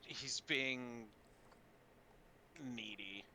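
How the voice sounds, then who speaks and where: A man running a tabletop game as dungeon master, relaxed and chuckling, now and then cooing to his cat. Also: mid-range voice, very slow, a little hiss or hum.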